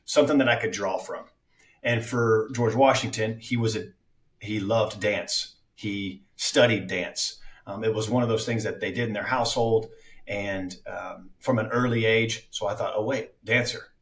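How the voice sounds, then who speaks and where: A man with a fairly low voice talks about his acting craft in a relaxed podcast chat. He is reflective and often stops to restart his thoughts. The sound carries a noticeable room echo. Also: moderate pace, far from the mic. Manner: reflective, with many fillers and restarts. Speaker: actor guest. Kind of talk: casual podcast interview.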